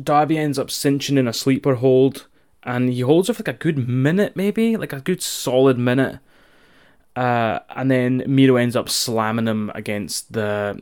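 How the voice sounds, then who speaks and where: Ranting Scottish man recapping wrestling. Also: medium pitch. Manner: profane, animated, ranting. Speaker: podcast co-host. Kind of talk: casual wrestling recap chat.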